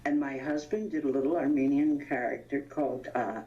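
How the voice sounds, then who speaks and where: Older woman in her 80s, low voice, animated anecdotes, muffled lo-fi sound. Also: brisk. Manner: animated storyteller, laughs often, searches for names. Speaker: interview guest, veteran actress. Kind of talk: anecdotal reminiscing. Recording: dull lo-fi sound.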